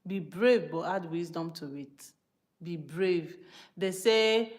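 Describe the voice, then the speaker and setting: A Nigerian woman from Benin City preaching informally to her live-stream viewers, emphatic and animated, slipping into pidgin and speaking straight to her audience. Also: on the low side, slow. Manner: emphatic and animated, switching between English and pidgin, asides to the viewers. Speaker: live-stream host teaching from the Bible.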